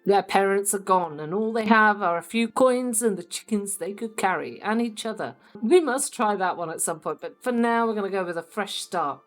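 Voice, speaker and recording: A woman's voice: mid-range voice, normal speed, few pauses. Woman doing game commentary, chatty and upbeat, talks right to the viewers, a bit of music underneath. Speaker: gaming channel host. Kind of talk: casual let's-play commentary.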